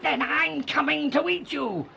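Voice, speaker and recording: A storybook reader voicing a menacing troll who roars his threats at travellers on his bridge, slow and booming. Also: vocal fry, bright, forceful tone, heavily acted.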